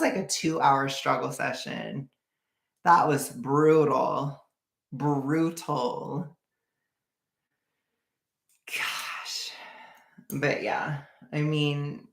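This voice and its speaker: A young woman with a low, gravelly voice chats through a casual livestream, reading viewer comments. She talks bluntly and sarcastically, and her voice rings in an echoey room. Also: a bit bright. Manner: blunt and sarcastic, laughs often. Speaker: streamer reacting to another stream.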